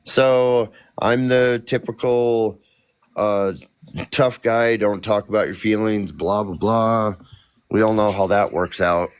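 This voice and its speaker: A man's voice: on the low side, fairly even intonation, smooth. A man in his forties speaking candidly in a casual podcast chat, often breaking off and restarting his words. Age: 40s. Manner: candid, halting, restarts mid-word when emotional. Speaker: podcast guest.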